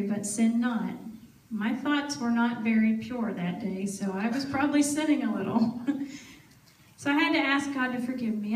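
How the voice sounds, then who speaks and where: A woman's voice: fairly high pitch, darkish tone. A woman telling a personal faith story at a church service, acting out the dialogue as she goes. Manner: storytelling, acts out her own past dialogue. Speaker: gospel singer and speaker. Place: fairground event, outdoors. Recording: echoey from far off.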